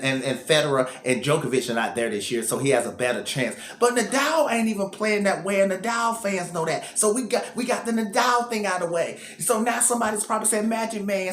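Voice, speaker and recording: A man's voice: high voice, fairly bright tone, echoey room. A man hosting casual tennis commentary, thinking aloud and repeating himself as he goes.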